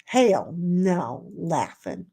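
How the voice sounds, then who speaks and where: A woman's voice: on the low side, big pitch swings, extremely slow, dark tone, breathy edge. A woman hosting a livestream, reading chat aloud in a rambling, chatty way with many fillers.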